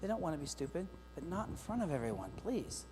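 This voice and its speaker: A middle-aged man giving a lively, joking keynote talk to teachers, speaking straight to the audience. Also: on the high side, fast talker, soft background music. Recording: long hall reverb with faint mains hum.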